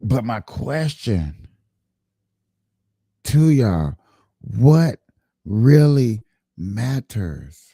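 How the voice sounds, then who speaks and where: A man's voice: mid-range voice, big pitch swings, drawn-out words, vocal fry, long pauses, mellow, breathy edge, dry recording, clean studio sound. Earnest man talking politics on his livestream. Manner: earnest, repetitive, addresses viewers directly. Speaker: livestream host. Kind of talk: casual political livestream talk.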